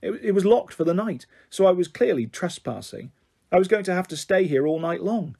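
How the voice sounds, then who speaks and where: With expressive, steady delivery, a man reads a children's novel aloud at a brisk clip, sounding like a bedtime story. His voice sits notably high for a man and has a husky grain.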